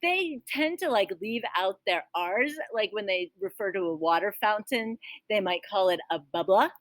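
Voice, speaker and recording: A woman's voice: mid-range voice, lively intonation, normal speed, dry recording. Lady teacher doing morning announcements, jokey asides, dry close mic. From Rhode Island. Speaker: school band teacher.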